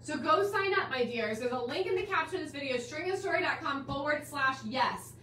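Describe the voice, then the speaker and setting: A woman's voice: high-pitched, animated, a little fast, bright, forceful tone. A woman hosting a live online quilting class stream, gushing and bubbly as she welcomes viewers and calls them guys and my dear. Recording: roomy, slightly distant with faint background hiss.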